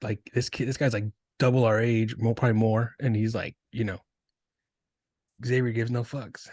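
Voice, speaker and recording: A man in his thirties hosting a podcast, telling stories in a relaxed way and acting out what people said. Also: on the low side, a little fast, no echo, clean studio sound. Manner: relaxed storyteller, acts out quotes. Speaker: podcast host. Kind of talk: casual storytelling chat.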